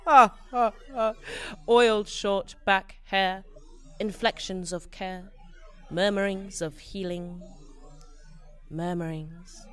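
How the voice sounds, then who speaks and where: Mulher recitando poesia, lenta e lírica. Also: female voice, lowish voice. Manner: slow, repetitive, lyrical. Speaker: spoken word poet. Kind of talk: spoken word poetry performance.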